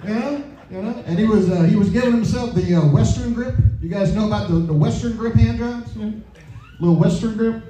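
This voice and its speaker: A man's voice: sits high, fairly quick, dark tone, a little hiss or hum. A man from South Louisiana with a Southern accent doing a stand-up set, with loose drawling banter. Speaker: stand-up comedian and show emcee. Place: comedy club stage. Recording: echoey club heard from a distance with audience. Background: audience laughter.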